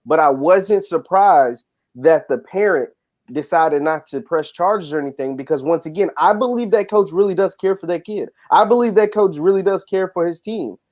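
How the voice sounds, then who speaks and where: A man's voice: a little high, a little mellow. A man with a slightly raised voice speaks as a panelist in a casual discussion. He is earnest and repeats his points to press them home. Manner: earnest, repeats himself for emphasis.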